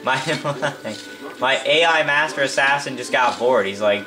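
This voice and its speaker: A young man narrates his gameplay live in a relaxed, chatty way, with a voice of ordinary middle pitch. He drops "dude" often and laughs and exclaims when things surprise him. Game music plays clearly behind his voice. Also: measured pace. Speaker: gameplay commentator.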